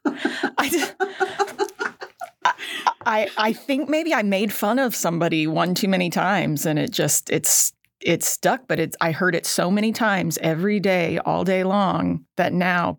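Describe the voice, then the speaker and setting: Lower-voiced woman cohost, gravelly, chatty and laughing at herself, dry close sound. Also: a little slow, dry recording. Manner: chatty, self-deprecating, laughs often. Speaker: podcast co-host. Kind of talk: casual educational podcast chat.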